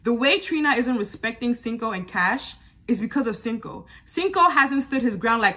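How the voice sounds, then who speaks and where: A woman with a bright, forceful voice, talking casually and animatedly to her viewers. Her pitch sits a touch high, and she laughs often as she recaps the episode. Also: expressive, normal speed. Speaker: YouTube reality TV reviewer.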